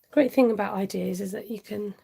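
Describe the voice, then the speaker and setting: A woman's voice: medium pitch, fairly quick, gravelly, warm tone, slightly rough, low-quality recording. A middle-aged woman chatting through a live craft tutorial, laughing often and answering viewers as she works. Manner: chatty, laughing, reads viewer comments aloud. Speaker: stamping craft demonstrator.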